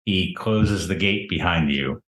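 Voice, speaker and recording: A man narrating a tabletop game as game master in a relaxed, easygoing way. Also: low voice, unhurried. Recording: roomy echo.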